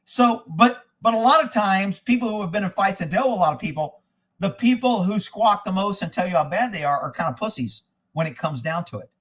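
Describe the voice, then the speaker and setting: A man's voice: sits high, lively intonation, fairly quick, fairly bright tone, husky. A man hosting a casual commentary stream, reading viewer comments and answering them in a blunt, profane, opinionated way.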